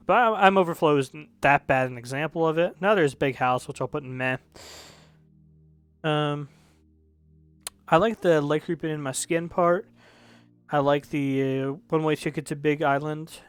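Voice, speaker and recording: A man's voice: a little high, clear, resonant tone, no echo. A young man casually reviewing music, rambling and correcting himself, frank and a bit profane.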